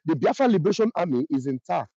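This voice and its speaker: A man's voice: fairly high pitch, sing-song, fast, creaky, warm tone, no echo, dull audio. A man with a Nigerian Igbo accent giving an impassioned, repetitive monologue as host of his online channel. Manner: emphatic and repetitive, voice rising sharply when accusing.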